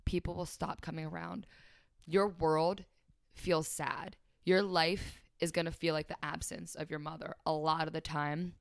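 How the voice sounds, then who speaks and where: Young woman speaking candidly, soft-voiced. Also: low voice, flat delivery, measured pace, gravelly, no echo, studio quality. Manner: emotional, frequent "like" fillers, quotes others. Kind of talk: candid personal conversation.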